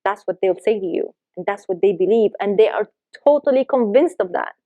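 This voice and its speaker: A woman's voice: mid-range voice, expressive, brisk, dry recording, phone-quality sound. A woman life coach giving earnest, emphatic advice to camera, acting out the lines people say.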